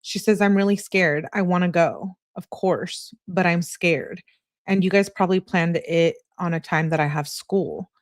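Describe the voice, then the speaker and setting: A woman with a lowish voice reads a thread of text messages aloud in a relaxed, conversational way. She stops now and then to correct herself or add a quick aside. The recording is close and dry, with no room sound. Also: dry recording. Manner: plain conversational reading with asides and self-corrections. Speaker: channel host reading text messages.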